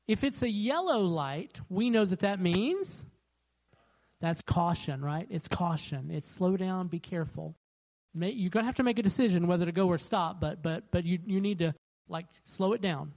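Pastor, sermon, lively and chatty, mimics other people's voices, mid-pitched. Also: moderate pace, poor audio. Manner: animated, acts out the voices of the people it quotes; conversational, with frequent restarts.

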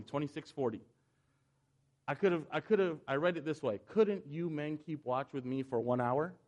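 A man teaching from scripture. He reads the passages quietly and evenly, then explains them with earnest emphasis. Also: mid-range voice. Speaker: Bible teacher.

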